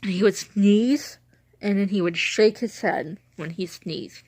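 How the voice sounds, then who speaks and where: A vlogger with a medium-pitched, slightly mellow voice speaks slowly, telling rambling stories about her late dog in casual, chatty fashion and laughing often. She has a runny nose and coughs, and there's no room sound.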